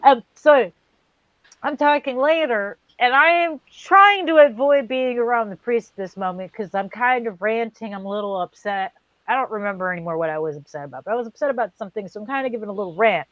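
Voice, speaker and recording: A woman with a fairly high voice co-hosts a casual talk show. She tells stories with animated, swearing gusto and acts out the other people in them. Her sound is dry and close. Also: a little fast, no room sound, dull audio. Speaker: co-host. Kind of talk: casual chat, storytelling.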